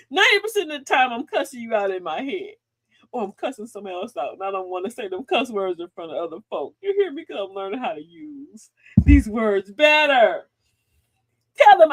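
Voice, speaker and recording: A woman's voice: on the high side, big pitch swings, brisk, dry recording. A woman hosting a live advice show, sassy and preachy, who laughs often and calls her listeners sis and queen. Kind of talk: livestream advice talk.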